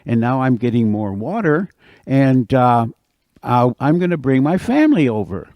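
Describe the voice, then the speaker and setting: A man's voice: medium pitch, big pitch swings, moderate pace, no echo, highs cut off, lightly acted. A man voicing a big, strong, stubborn male beaver who brushes off a small turtle in a told folktale. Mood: blunt. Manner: blunt, dismissive.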